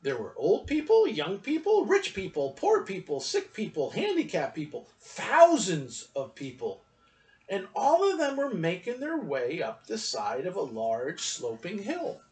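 Church storyteller, a man reading a children's story with expression. High voice, picked up from a distance. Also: huge pitch swings, a little slow, darkish tone.

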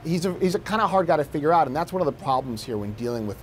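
A man's voice: on the high side, lively intonation, racing, a little hiss or hum. A man, a national security correspondent, explaining his reporting as a news interview guest, with fillers and restarts.

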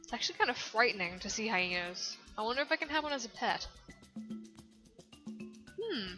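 A woman's voice: fairly high pitch, animated, normal speed, sharp tone. A woman giving casual, profane let's-play commentary as she plays. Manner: profane, chatty, rambling. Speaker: gaming video host. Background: game music.

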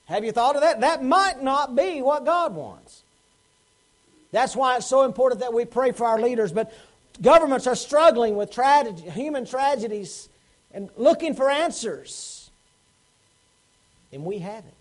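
A pastor delivers a Sunday sermon in a church sanctuary. His voice sits unusually high for a man. He presses the congregation with questions and acts out the lines of the people in his stories. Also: expressive, moderate pace, poor audio. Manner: preaching with rhetorical questions and acted quotes.

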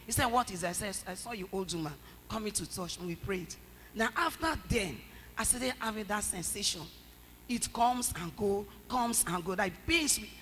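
A woman's voice: medium pitch, lively intonation, moderate pace, fairly bright tone, slight background noise. A woman animatedly telling her testimony in church. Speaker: church member giving testimony. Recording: long church reverb, faint ambience.

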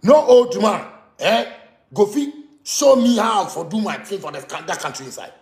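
A Ghanaian man rants on a live stream in a very high, gravelly voice, often shouting. His words bounce around an echoey room. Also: sing-song, moderate pace. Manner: ranting, switching between Twi and pidgin, shouting often. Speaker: musician speaking to fans. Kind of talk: animated live-stream rant.

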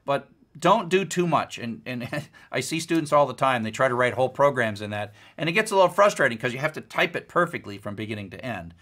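A man's voice: mid-range voice, expressive, fast talker, fairly bright tone. A middle-aged man, a university lecturer, giving a recorded course lecture in a conversational, folksy way with playful examples.

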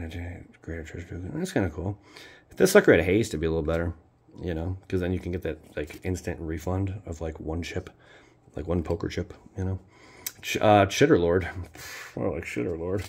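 A man hosting a card-opening video in casual commentary, swinging between loud exclamations and low muttered asides. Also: gravelly, slight background noise. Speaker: card-opening channel host.

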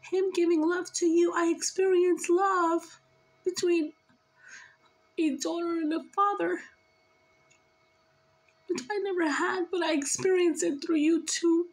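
A tearful woman speaks through an emotional spiritual reading, her voice pitched high. She talks slowly and earnestly, pleading and scolding by turns. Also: gravelly, a little mellow, rough recording. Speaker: spiritual reader.

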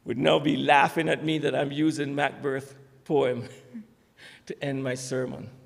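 A man's voice: medium pitch, little pitch movement, measured pace, gravelly. A man preaching a sermon, emphatic, with rising declarations. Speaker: pastor. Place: church sanctuary. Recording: church sanctuary with long reverb.

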